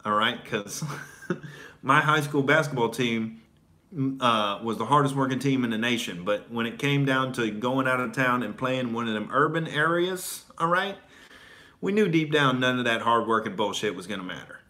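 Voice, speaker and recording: Animated and at normal speed, the comedian from Oklahoma has a mid-range voice with a sharp tone. He chats informally and profanely, using lots of fillers and laughing between his tales.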